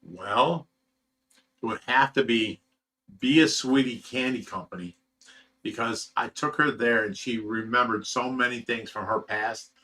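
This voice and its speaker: A middle-aged man from Ohio talks casually on a livestream, his voice bright and forward. He rambles through heartfelt stories, trips over his words and reads out chat messages as he goes. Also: medium pitch, measured pace. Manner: emotional, rambling storytelling with fillers and laughs. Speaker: fish rescue channel host reading live chat.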